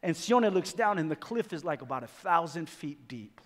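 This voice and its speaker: A man's voice: fairly high pitch, lively intonation, moderate pace. A male pastor preaching emphatically, repeating phrases and stumbling into restarts as he drives his points home. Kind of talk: sermon. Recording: reverberant hall with faint music.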